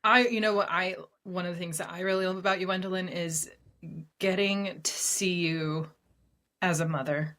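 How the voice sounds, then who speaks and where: A woman's voice: on the low side, steady tone, moderate pace, a bit bright. Earnest woman co-hosting a chat show. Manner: earnest, encouraging, often laughing. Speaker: podcast co-host. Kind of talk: casual chat.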